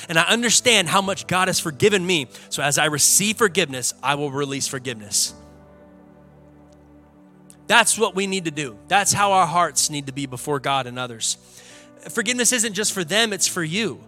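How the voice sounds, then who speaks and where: A man's voice: on the high side, expressive, normal speed, bright, forceful tone, faint music behind. A young adult man, a pastor preaching an earnest, conversational sermon in a church, building to emphatic peaks. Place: church sanctuary.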